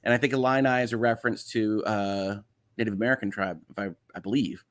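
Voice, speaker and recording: A man's voice: fairly low pitch, steady tone, fast. Chicago guy hosting a chill livestream, a bit nasal, lots of uhs, reading chat and just rambling. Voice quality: slightly nasal. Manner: rambling and friendly, many "uh" fillers and restarts. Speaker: livestream host. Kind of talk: casual livestream chat, reading viewer messages aloud.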